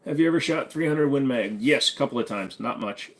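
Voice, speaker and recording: A man's voice: mid-range voice, expressive, a little fast. An American man hosting a casual live stream, reading viewer comments and answering in a laid-back, joking way with plenty of "uh" fillers. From United States. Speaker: host.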